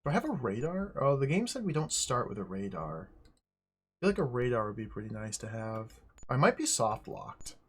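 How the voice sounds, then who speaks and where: A man streaming a game live, talking through it aloud in an excitable, joking way. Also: mid-range voice, moderate pace, husky. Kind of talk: casual live gameplay commentary.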